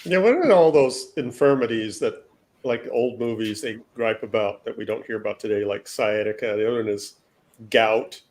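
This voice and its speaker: A man's voice: medium pitch, moderate pace, darkish tone. A man co-hosting a casual chat, laid-back and self-mocking. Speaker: podcast co-host.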